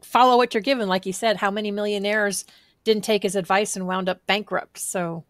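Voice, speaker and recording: A woman's voice: mid-range voice, steady tone, a little fast, dry recording, studio quality. A woman hosting a podcast interview, affirming her guest and asking open questions. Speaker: podcast host. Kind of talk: conversational interview.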